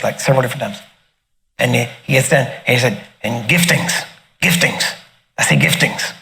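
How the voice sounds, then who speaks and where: Man telling a lively personal testimony. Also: mid-range voice, a little hiss or hum. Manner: animated storyteller, laughs often, acts out quoted voices. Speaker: minister sharing a testimony. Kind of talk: casual storytelling testimony.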